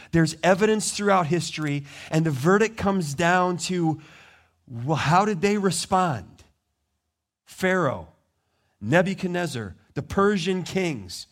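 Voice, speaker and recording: A male pastor preaching a sermon, telling the story with lively, animated delivery and acting out the people in it. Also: sits high.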